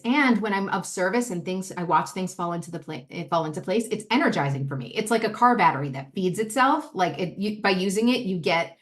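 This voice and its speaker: A woman leading a recovery step study in a casual, candid, self-mocking way. She jumps into high mock-voices and drops into low muttered asides. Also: animated, brisk, few pauses, a bit bright. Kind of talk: casual talk on a recovery text.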